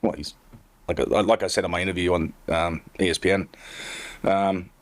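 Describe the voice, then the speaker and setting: A man's voice: low-pitched, steady tone, normal speed. A middle-aged man, a tour caddy and co-host, telling rambling, self-mocking stories in casual chat full of fillers.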